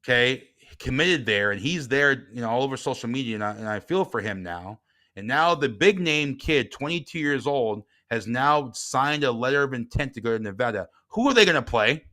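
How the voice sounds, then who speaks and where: A middle-aged man, a guest and author, telling a personal story in casual talk, swinging from quiet reflection to heated retelling. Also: medium pitch, lively intonation, normal speed.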